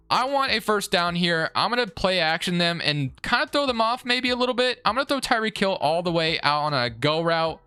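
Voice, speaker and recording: A young man giving live commentary on his own football video game, excitable and swinging between frustration and hype. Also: sits high, smooth, no echo. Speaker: gaming YouTuber.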